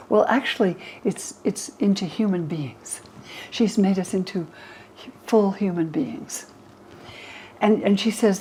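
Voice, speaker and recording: A woman's voice: medium pitch, unhurried, a little hiss or hum, poor audio. A woman in her eighties from the United States, a historian of religion, telling stories animatedly in a documentary interview. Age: 80s. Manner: animated storyteller, acts out quotes.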